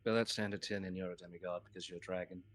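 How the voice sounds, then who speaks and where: Very deep-voiced, blunt man. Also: steady tone, racing. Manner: blunt and profane. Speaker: player. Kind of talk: tabletop role-play in character.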